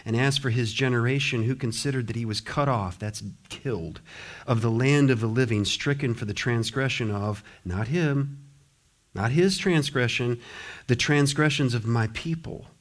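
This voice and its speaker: A man preaching a sermon as pastor, swinging between hushed, slow phrases and loud, fervent passages. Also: medium pitch.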